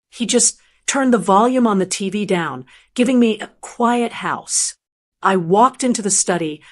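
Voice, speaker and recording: Calm woman narrating a first-person story. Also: mid-range voice.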